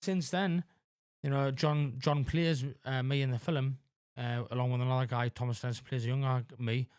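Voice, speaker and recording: A man in his forties talking candidly as a podcast guest, halting with lots of fillers and frequent swearing. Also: mid-range voice, steady tone, a little mellow, clear, resonant tone, dry recording, clean studio sound. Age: 40s. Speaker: podcast guest in addiction recovery. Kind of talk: candid conversational interview.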